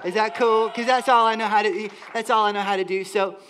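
A man from the Southern United States preaching a lively, joking sermon as a church worship leader. He talks directly to the congregation. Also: high voice, a little fast, a faint crowd, slight background noise. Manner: enthusiastic, playful, talks to the congregation. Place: church sanctuary.

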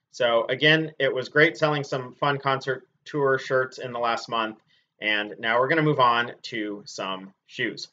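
Guy reseller chatting about stuff he sold, bright tense voice, lots of ums, kinda muffled lo-fi audio. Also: mid-range voice. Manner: chatty and relaxed, with frequent ums and uhs. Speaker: clothing reseller. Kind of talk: casual product review vlog. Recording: dull lo-fi sound.

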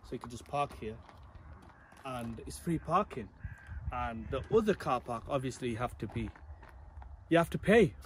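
A man's voice: medium pitch, lively intonation, moderate pace, long pauses, a little hiss or hum. A man, talking casually to his viewers while walking outdoors on a hillside. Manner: chatty, talks straight to viewers. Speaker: travel vlogger.

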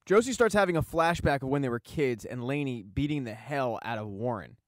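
A man's voice: medium pitch, lively intonation, brisk, no room sound, studio quality. A man casually recapping a TV season, retelling the plot with wry asides. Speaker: TV recap host.

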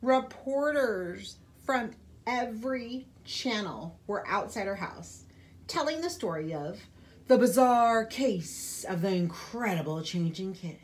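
Librarian lady reading a kids' book aloud, slow, super expressive. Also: medium pitch. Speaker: children's librarian.

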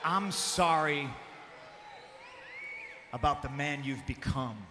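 A man, a pro wrestling champion, cutting a mocking arena promo and often shouting into a handheld microphone. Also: a little high, slow pace, crowd noise. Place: large arena. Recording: long arena reverb with faint background noise.

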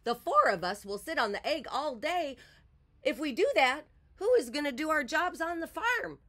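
A woman's voice: sits high, big pitch swings, moderate pace, fairly bright tone, pitched above the performer's own voice. Woman doing a big fussy hen, frets about everything, sing-song storybook voice. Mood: fretful.

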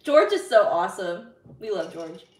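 A woman's voice: mid-range voice, sing-song, normal speed, darkish tone, far from the mic. A woman live streamer in casual chat, bubbly and giggly as she reads viewer messages aloud. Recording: roomy sound, slightly off-mic.

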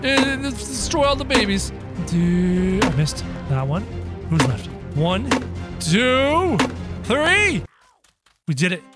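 A man voicing a mischievous, snarky male cartoon rabbit while playing a game in character, excitable and prone to loud panicked yelps. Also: high voice, takes it slowly, over loud music, full character voice. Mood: gleeful.

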